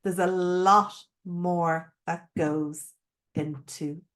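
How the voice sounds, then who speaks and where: Expressive woman coaching viewers directly. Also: lowish voice, drawn-out words. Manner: expressive, emphatic, addresses viewers directly with questions. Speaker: mindset coach. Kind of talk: live-streamed masterclass talk.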